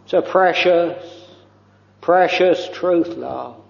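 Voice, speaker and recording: A man preaching a devotional sermon, very slow and halting, with long pauses and soft trailing phrases. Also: on the high side, vocal fry. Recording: dull lo-fi recording with long hall reverb.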